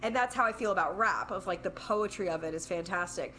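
A woman's voice: fairly low pitch, brisk, pushed and bright, slight background noise, low-quality recording. A young woman co-hosting a podcast, chatting casually with many "like" and "um" fillers. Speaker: podcast co-host. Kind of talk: casual chat.

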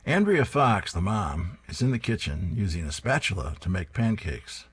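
A man's voice: sits low, very animated, moderate pace, husky. A man reading newspaper comic strips aloud, plainly describing each panel and reading the lines.

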